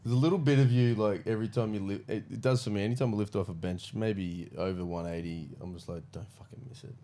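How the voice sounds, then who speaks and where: A man's voice: on the low side, fast talker, dark tone. A man co-hosting a casual podcast chat, laughing often and trading playful banter.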